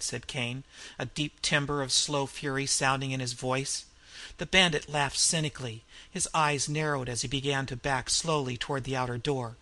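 A man narrating a dark adventure story with expressive reading. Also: mid-range voice, normal speed.

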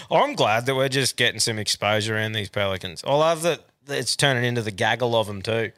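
A man's voice: medium pitch, animated, fairly quick, a bit bright, no echo. An Australian man hosting a podcast, chatting casually, laughing often and swearing a lot. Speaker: podcast host. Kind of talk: casual chat.

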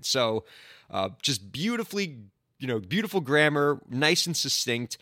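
Animated, indignant man hosting a podcast. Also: medium pitch, normal speed, no room sound, clean studio sound. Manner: animated, indignant, playful sarcasm. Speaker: podcast host, entertainment lawyer. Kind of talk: solo podcast monologue.

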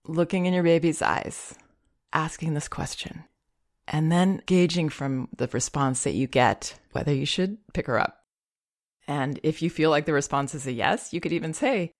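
A woman calmly giving parenting advice, gentle and reassuring, with soft laughs. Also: low-pitched, moderate pace. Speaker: parenting advisor. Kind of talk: advice talk.

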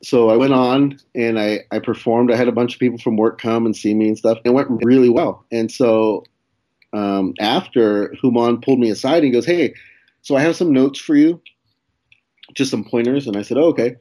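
Speaking fairly quickly with a warm tone at medium pitch, a young guest comedian relaxes into a casual story. He curses, acts out what people said, and laughs as he goes.

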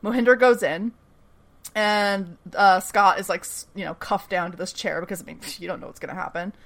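A woman hosting a podcast, recapping a TV episode in casual chat. Her storytelling is animated, she swears freely, and she laughs often. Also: medium pitch, a little fast.

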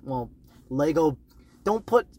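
Man, podcast co-host, excitable, casual swearing, somewhat high voice, faint hiss. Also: slow. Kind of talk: casual film review chat.

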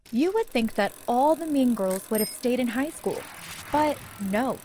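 A woman's voice: fairly high pitch, expressive, unhurried, warm tone, faint music behind. A young woman narrating a first-person story in a chatty, dramatic way. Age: young adult.

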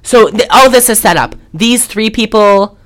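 A woman's voice: on the high side, moderate pace, a bit bright. A young woman co-hosting a podcast, casually recapping a movie and acting out the characters' lines in exaggerated voices. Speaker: podcast co-host.

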